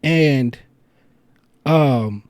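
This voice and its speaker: A man's voice: mid-range voice, drawn-out words, no echo. A man from the United States hosting a casual livestream chat, telling rambling stories with lots of laughs and swearing. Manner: animated storytelling, laughs a lot, swears freely; loose, rambling delivery with restarts. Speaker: livestream host.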